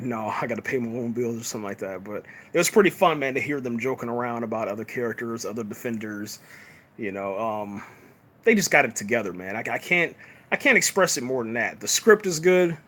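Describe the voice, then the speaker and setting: Casual male streamer reviewing episodes, relaxed and rambling, with a bright, forward tone. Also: medium pitch, a little fast. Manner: laid-back, peppers talk with "man" and fillers. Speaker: TV show reviewer on a live stream. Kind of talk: casual live chat review.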